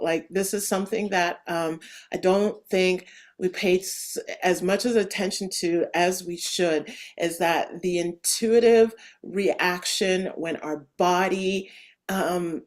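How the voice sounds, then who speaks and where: This is a podcast host, a woman with a fairly low-pitched voice, conducting a casual interview chat. She sounds enthusiastic and animated, with plenty of fillers and restarts.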